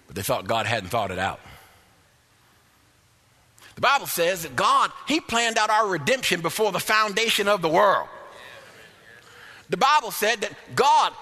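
A man preaching a sermon in an animated style, calling out for amens and acting out the grumbling people in his story. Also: sits high, normal speed, long pauses, in a large hall.

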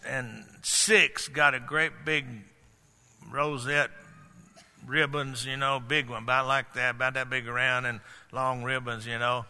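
A man preaching a sermon in a folksy manner, building up to shouted emphasis. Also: mid-range voice, in a large hall.

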